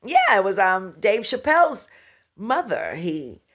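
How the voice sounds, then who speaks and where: A middle-aged woman who is a spiritual speaker gives a motivational vlog talk at an unhurried pace and medium pitch. She's animated, laughs often, and drops into whispers.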